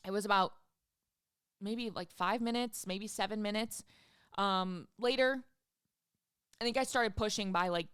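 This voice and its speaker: A woman's voice: medium pitch, clean tone, no echo, clean studio sound. A woman in her thirties hosting a podcast, telling a personal story in a candid, emphatic way and swearing freely. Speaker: podcast host. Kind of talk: casual storytelling.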